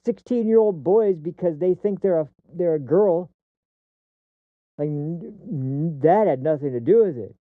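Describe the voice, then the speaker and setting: A man hosting a political commentary stream, ranting with heat and frequent swearing, stumbling and restarting as he pushes his points. His voice sits a little high for a man. The audio is dry and thin, like it comes down a phone line. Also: dry recording. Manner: heated, profane ranting; repeats and restarts words mid-sentence. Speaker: streamer host.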